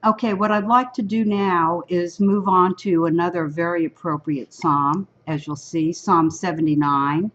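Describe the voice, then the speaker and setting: Woman, raspy, deep voice, service leader, solemn psalm reading, dull lo-fi web call sound. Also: steady tone, unhurried, few pauses. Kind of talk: leading an online prayer service, reading a psalm aloud.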